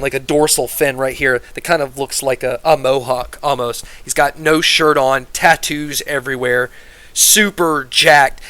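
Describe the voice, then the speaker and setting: A man's voice: medium pitch, pushed and bright. A man narrating as game master, talking casually with lots of fillers.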